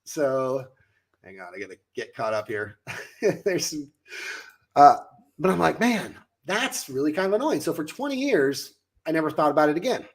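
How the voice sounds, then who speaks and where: Man telling a lively personal story. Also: fairly high pitch, normal speed, long pauses. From United States. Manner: animated, acts out his own past lines. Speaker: coach and podcast host. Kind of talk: casual storytelling chat.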